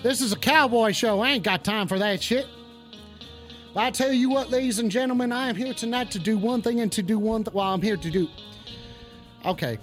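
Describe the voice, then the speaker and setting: A man doing a high, bright-voiced stoned cowboy radio host. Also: fairly quick, faint music behind. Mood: swaggering. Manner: drawling, swaggering, rambling and profane. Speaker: call-in show host. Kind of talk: comedic call-in radio bit.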